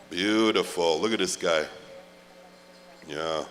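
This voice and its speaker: A man's voice: low voice, lively intonation, unhurried, pushed and bright. A middle-aged man, emceeing a powwow in a chatty, joking way and drawing out the names he calls. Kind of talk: live event announcing. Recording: reverberant arena PA sound.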